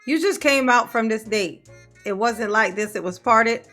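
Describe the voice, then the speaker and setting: A woman hosting a reaction commentary show, sassy and quick with jokes, laughing often. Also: on the high side, sharp tone, faint music behind. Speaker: commentary channel host.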